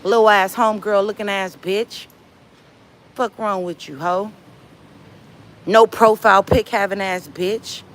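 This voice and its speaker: Speaking slowly with long pauses and fairly even intonation, this mid-range-voiced Los Angeles woman hosts a casual livestream from a laundromat. She delivers a profane, confrontational rant full of trash talk.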